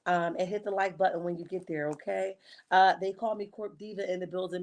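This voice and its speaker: A woman hosting a reality TV recap livestream, chatting casually with viewers in a lively, slangy, opinionated way. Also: fairly low pitch, moderate pace, gravelly. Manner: lively and chatty, greets chat viewers by name.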